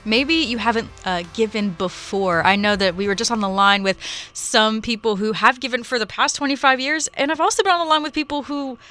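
Woman radio co-host from Texas, bright tone, casual rambling on-air chat. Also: on the high side, fairly quick, faint music behind. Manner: chatty, laughs easily, trails off mid-sentence.

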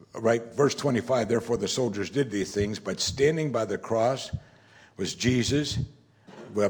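A man's voice: mid-range voice, darkish tone. Guy preaching a sermon, chatty, lots of rhetorical questions, acts out the verses. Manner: conversational preaching, rhetorical questions, quotes scripture in character. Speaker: pastor.

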